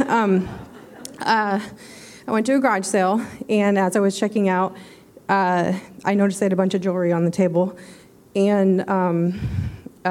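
A woman tells her testimony to a church, still out of breath. She sounds nervous and keeps apologizing as she speaks. Her telling is halting, broken up by many fillers. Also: mid-range voice, a little mellow. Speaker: church member giving testimony. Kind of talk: spontaneous testimony.

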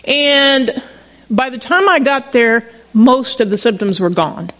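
Middle-aged woman preacher, higher pitched, talking through a personal story in a loose, stop-start sermon style. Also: animated, slow pace, a bit bright, poor audio. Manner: conversational storytelling with frequent restarts. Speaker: pastor.

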